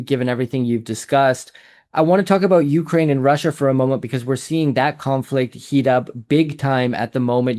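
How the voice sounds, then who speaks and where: A man's voice: mid-range voice, a little mellow. A man hosting an interview, asking long, conversational questions. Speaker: podcast host.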